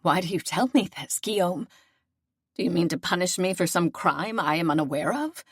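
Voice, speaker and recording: A woman's voice: fairly low pitch, lively intonation, normal speed, a bit bright, breathy edge, dry recording, studio quality. Brief: a woman doing an earnest grieving noble lady for an audiobook. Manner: earnest and emotional.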